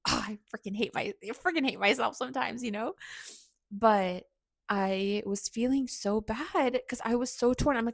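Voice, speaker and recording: A woman's voice: medium pitch, animated, normal speed, gravelly, no room sound, studio quality. A young woman hosting a podcast, telling a personal story in a candid, chatty way, full of "like" and self-mocking asides. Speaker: podcast host.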